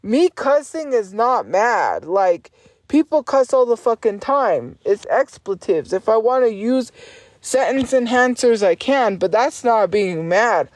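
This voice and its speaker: A woman's voice: a little high, darkish tone, dry recording. A woman livestreamer ranting at her chat in a profane, insistent and defiant way, repeating her points over and over.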